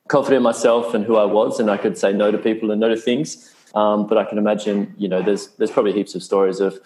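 A man's voice: on the low side, a little mellow. A young Australian man talking as a podcast guest in a loose, sarcastic, laid-back way, swearing freely. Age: young adult. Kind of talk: casual interview chat. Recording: roomy echo.

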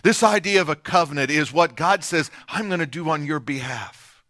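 High, bright-voiced man preaching. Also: moderate pace, no echo, studio quality. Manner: preaching with dramatic swings from loud to hushed. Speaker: pastor. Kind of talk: sermon.

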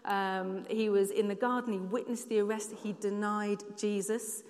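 A woman's voice: medium pitch, level tone, moderate pace, darkish tone. Earnest woman preaching in echoing hall. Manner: earnest, conversational storytelling. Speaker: church speaker. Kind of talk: sermon with personal stories. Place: church hall. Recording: long hall reverb.

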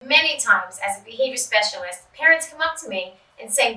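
Bright-voiced woman giving parenting advice. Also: fairly high pitch, brisk, few pauses, far from the mic. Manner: calm, explanatory, acts out example dialogue. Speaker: podcast host and behavior specialist. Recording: roomy sound from off-mic with faint music.

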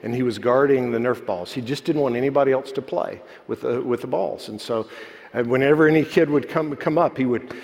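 A man preaching a sermon, moving between animated preaching and soft, quiet storytelling. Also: medium pitch. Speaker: pastor. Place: church sanctuary. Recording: long hall reverb.

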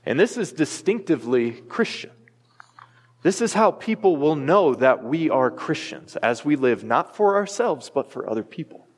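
A man's voice: fairly high pitch, big pitch swings, normal speed. Earnest preaching man, long hall reverb. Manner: earnest, emphatic, with light asides. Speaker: pastor. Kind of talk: sermon. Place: church sanctuary.

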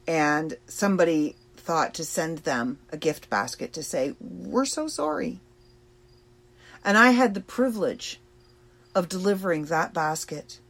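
A woman hosting a podcast, talking slowly and thoughtfully about personal struggles with pauses and fillers. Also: sits low, fairly bright tone. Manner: slow, reflective and emotional, with pauses and fillers. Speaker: podcast host. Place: trailer in a backyard.

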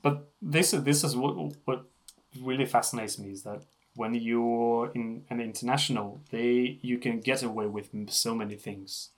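A man's voice: mid-range voice, steady tone, normal speed. A man who speaks English as a second language, with a Russian accent touched by British sounds, explaining things in casual chat and often restarting his phrases. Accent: Russian with a British tinge.

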